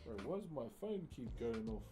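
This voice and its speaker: A young man with a New Zealand accent, chatting casually on a livestream, relaxed and reading out viewers' messages, on a headset mic. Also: mid-range voice, normal speed, over music. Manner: relaxed, chatty, reads out chat. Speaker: live streamer.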